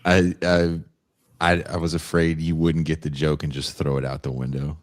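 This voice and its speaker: A man's voice: very deep voice, level tone, moderate pace, dry recording, clean studio sound. A man co-hosting a podcast in a casual, joking chat. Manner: jokey, slips into put-on voices. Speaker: podcast co-host.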